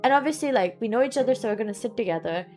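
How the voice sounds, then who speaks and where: A woman's voice: on the high side, animated, racing, a little mellow. A young woman in her twenties with a Southeast Asian accent, rambling through stories in a casual chat while streaming a game. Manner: rambling, chatty storytelling full of "like". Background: faint background music.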